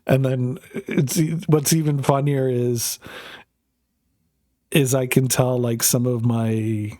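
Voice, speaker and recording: Casual swearing streamer. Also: male voice, mid-range voice, steady tone, takes it slowly, warm tone, no echo, studio quality. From North America. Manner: rambling, laughing, swearing freely. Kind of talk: casual chat while streaming.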